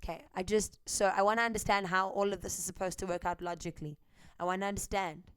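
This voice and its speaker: A woman's voice: mid-range voice, fairly even intonation, quick pace, a bit bright, clean tone, no room sound. A South African woman vlogger giving opinion commentary, asking a string of pointed rhetorical questions to her viewers.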